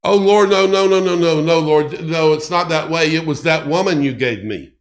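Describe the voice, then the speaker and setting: A man preaching a sermon acts out a guilty man protesting and shifting blame, high and hurried. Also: natural voice. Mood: flustered. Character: guilty man making excuses, pleading and flustered.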